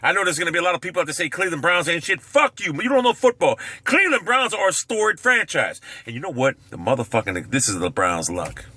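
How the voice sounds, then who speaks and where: A man's voice: fast talker, few pauses. Brash, cursing man in a sports rant. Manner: brash, swearing, lively pitch swings. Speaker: sports vlogger.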